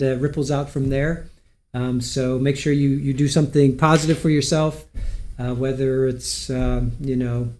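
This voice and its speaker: A man's voice: on the high side, darkish tone. A man hosting a livestream, wrapping up in a casual, rambling way and correcting himself often. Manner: rambling, self-correcting, friendly. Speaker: livestream host. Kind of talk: casual livestream sign-off chat.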